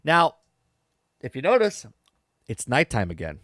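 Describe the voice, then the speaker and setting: A man's voice: mid-range voice, huge pitch swings, a little slow, a bit bright, dry recording, clean studio sound. A man, a parent, casually recapping and reviewing a TV episode, chatty, repeating himself and tossing in "okay?" and "right?" as he goes. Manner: chatty, repeats words and restarts, frequent "okay?" and "right?" asides. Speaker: podcast host reviewing a TV episode.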